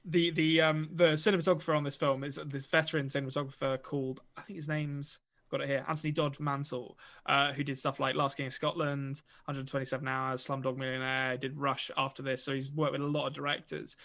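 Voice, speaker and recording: A man's voice: mid-range voice, level tone, a little fast, fairly bright tone. A man co-hosting a film podcast, talking casually with plenty of fillers and restarts. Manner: chatty, lots of fillers and restarts. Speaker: podcast co-host.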